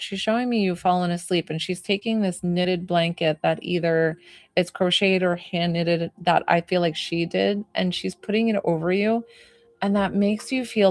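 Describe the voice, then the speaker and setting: Slow, effusive woman giving a medium reading. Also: lowish voice, no echo, studio quality. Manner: effusive and emotional, many fillers.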